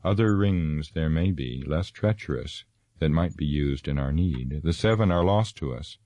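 Guy doing a gruff proud dwarf, blunt and pushy, low voice, dry sound. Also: expressive, normal speed, warm tone, no room sound. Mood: urgent.

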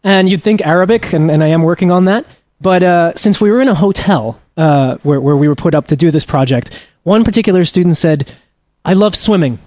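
A man's voice: on the high side, a little fast, a little mellow, no echo. A man being interviewed as a journalism trainer, telling a story earnestly with frequent restarts.

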